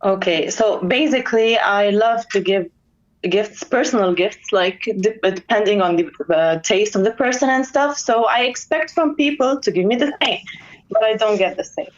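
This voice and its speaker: A woman's voice: medium pitch, normal speed. Giggly woman on a muffled call. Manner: giggly, hesitant, storytelling. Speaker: caller. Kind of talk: casual phone-in chat.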